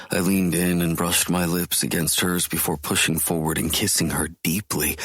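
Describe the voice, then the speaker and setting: Very deep husky male narrator. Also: a bit bright, no echo, studio quality. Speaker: audiobook narrator. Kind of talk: first-person romance narration.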